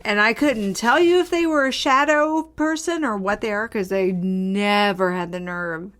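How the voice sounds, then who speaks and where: A woman's voice: mid-range voice, fairly bright tone. A woman co-hosting a casual podcast, chatting loosely about her own spooky childhood memories. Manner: conversational, drawn-out asides, reacts with disgust. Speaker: podcast co-host. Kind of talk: casual chat.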